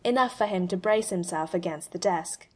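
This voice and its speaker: A woman narrating a fan story aloud, with expressive pacing and dramatic pauses. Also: fairly low pitch. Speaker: fanfiction reader.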